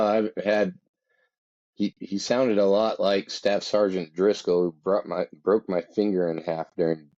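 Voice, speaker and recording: A man who is a former Marine, talking in a relaxed, matter-of-fact casual chat as host. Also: low-pitched, no echo, highs cut off.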